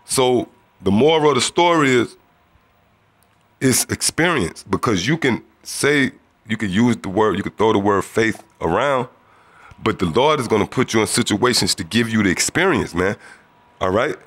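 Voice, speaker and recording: A man shares a religious testimony in a relaxed storytelling manner. His voice sits fairly low, and he acts out the other people in the story as he talks. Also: moderate pace. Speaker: testimony speaker.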